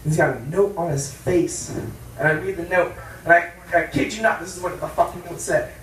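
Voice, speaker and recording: A man doing a stand-up comedy set in a bar, brash and profane, with loud punchlines. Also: on the high side, brisk, a little hiss or hum. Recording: roomy club sound from a distance.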